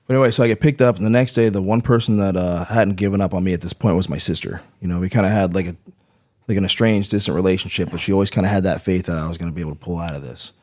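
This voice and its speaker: A man's voice: deep voice, fairly even intonation, racing, a little mellow. A man who is a veteran, guest on a podcast, telling his own story in a casual, profane, rambling way, often tagging his sentences with "right?".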